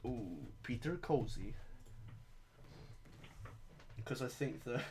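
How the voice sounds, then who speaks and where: A man's voice: medium pitch, expressive, takes it slowly, a little mellow. A young man hosting a podcast in casual chat, crude, sarcastic and rambling. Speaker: podcast host.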